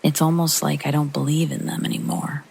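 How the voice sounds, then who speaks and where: A man narrating a true horror story in a hushed, breathy storytelling manner. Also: fairly high pitch, little pitch movement, brisk, poor audio. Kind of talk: scripted narration.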